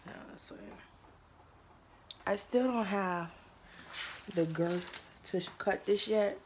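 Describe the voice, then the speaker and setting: A chatty woman vlogging from her home kitchen, talking to her pets and her viewers as she goes. Her voice sits in an ordinary middle range, and a steady background hiss runs under the whole home recording. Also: mid-range voice, takes it slowly. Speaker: lifestyle vlogger. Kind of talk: casual chat.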